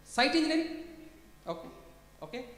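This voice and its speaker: Speaking in an Indian English accent, a woman addresses placement officers as an industry guest speaker in a large conference hall, where the sound echoes with long reverb. Her voice is high and fairly bright, moving at a moderate pace with big pitch swings. She often quizzes the audience and calls them sir.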